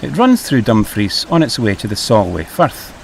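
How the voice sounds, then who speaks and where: A man's voice: fairly low pitch, wildly swooping pitch, moderate pace, gravelly, slight background noise. A middle-aged man hosting a travel vlog, easygoing and a little hesitant, over faint music. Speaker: vlog host.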